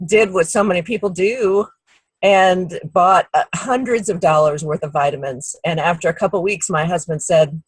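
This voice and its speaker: Middle-aged woman, husky and slightly low, dry close sound; relaxed storyteller on a team call. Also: normal speed, dry recording, rough recording. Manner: warm anecdotal storytelling, acts out quoted people. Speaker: guest speaker.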